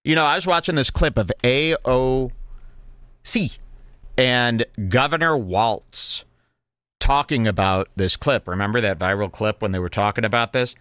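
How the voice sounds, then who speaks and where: A man hosting a podcast, giving sarcastic, animated commentary on a comedy clip. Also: mid-range voice, unhurried, clean tone, dry recording. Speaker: podcast host.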